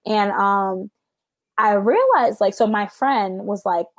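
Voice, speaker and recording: A woman's voice: takes it slowly, no room sound. Chatty woman telling a story. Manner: chatty, says "like" a lot, jumps to high squeals when laughing. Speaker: podcast guest. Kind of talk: casual storytelling chat.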